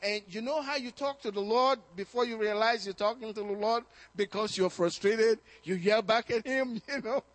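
A man pastor preaching a sermon, telling personal stories in an animated way, often repeating words and rising in excitement. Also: sits high, normal speed, few pauses, no echo.

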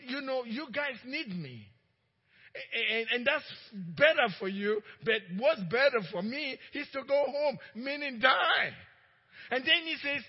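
A man preaches with a very high voice, now and then shouting for emphasis and chuckling as he goes. His voice rings out with a long reverb in a church hall. The recording sounds slightly dull. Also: husky. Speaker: pastor. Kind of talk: sermon.

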